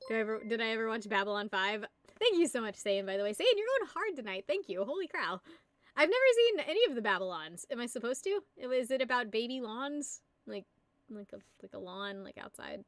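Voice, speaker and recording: A woman's voice: a little high, very animated, a little fast, pushed and bright, no room sound. A young woman from the United States chatting casually on a live stream, giggling and rambling as she answers her chat. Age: young adult. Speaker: livestreamer.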